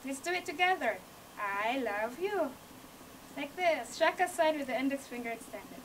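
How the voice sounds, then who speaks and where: A woman's voice: sits high, lively intonation, a little fast, fairly bright tone, distant mic, slight background noise, rough recording. A woman from Hawaii with a Hawaii accent giving a classroom speech that teaches sign language basics, guiding her audience step by step in slightly non-native phrasing. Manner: encouraging, leads the audience through each step; non-native phrasing, small grammar slips. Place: university media room. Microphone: camcorder from across the room.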